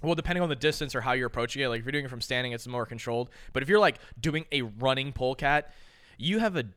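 A man's voice: mid-range voice, expressive, fast, fairly bright tone, smooth. A young man hosting a podcast, chatting casually with loose, profane, joking banter. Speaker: podcast host. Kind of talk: casual reaction chat.

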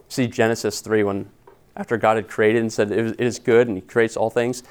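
A man's voice: fairly low pitch, little pitch movement, fairly quick, clear, resonant tone. A man preaching an expository sermon as pastor, earnest and conversational, retelling scripture in casual everyday words. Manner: earnest and conversational, with slangy paraphrase.

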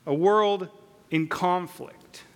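A man pastor telling a story in a sermon, conversational with many filler pauses. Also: sits high, clean tone. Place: church sanctuary. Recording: long hall reverb.

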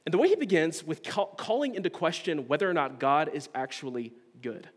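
Male pastor, high voice, earnest expository sermon, hall reverb. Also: animated, fairly quick, breathy edge. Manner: earnest expository preaching with frequent restarts.

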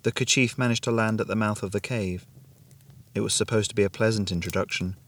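Man with a lowish voice narrating. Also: steady tone, fairly quick, fairly bright tone. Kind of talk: scripted narration.

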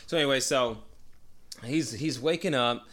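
A man's voice: mid-range voice, normal speed, a bit bright. A man telling a long story in casual chat, swearing a lot and acting out the voices of the people in it. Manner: profane, rambling, acts out voices.

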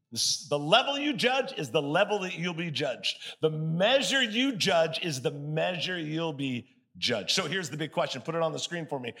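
A man preaching a sermon as pastor, telling stories by acting out both sides of a conversation and getting the congregation to say words out loud. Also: high-pitched. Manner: animated storytelling, acts out both sides of conversations; calls on the congregation to answer aloud.

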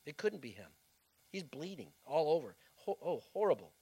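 A man's voice: fairly high pitch, very animated, normal speed, dark tone, husky, heavily acted. A man voicing an anguished pleading mother. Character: grieving mother pleading for her son.

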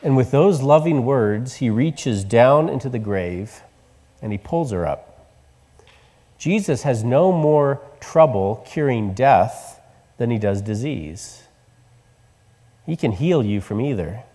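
A pastor preaching in a reverberant hall. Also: male voice, mid-range voice, animated, slow. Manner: storytelling, drops to soft tender tones for quoted words. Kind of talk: sermon.

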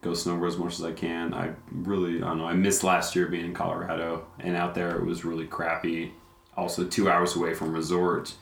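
A man's voice: low-pitched, completely flat delivery, a little fast, gravelly, a bit bright. A man guesting on a podcast, chatting in an easygoing, rambling way and often repeating himself. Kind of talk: casual chat. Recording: echoey room.

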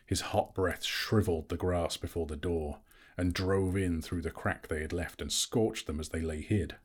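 A man narrating a fantasy story aloud in a slow, measured, dramatic reading. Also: low voice, steady tone, breathy edge. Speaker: audiobook narrator.

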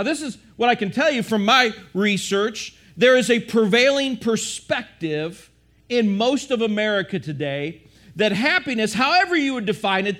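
High-voiced man preaching a sermon. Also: fairly bright tone. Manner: questioning the audience, repetitive restarts.

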